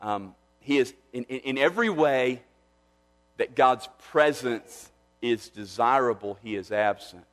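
Earnest male preacher in a reverberant hall. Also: fairly low pitch. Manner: earnest preaching with emphatic rises and restarts. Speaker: pastor. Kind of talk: sermon.

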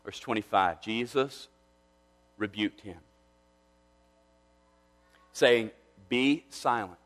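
A man's voice: fairly low pitch, slow, a bit bright. A man preaching a sermon as pastor, earnest and emphatic, often restarting his phrases as he builds to a point. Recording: long hall reverb.

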